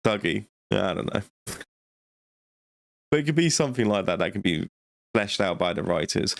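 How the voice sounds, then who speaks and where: Man, movie reviewer, low gravelly voice, rambling jokey chat, dry sound. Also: expressive, moderate pace, no echo. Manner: rambling and jokey, laughs often, swears.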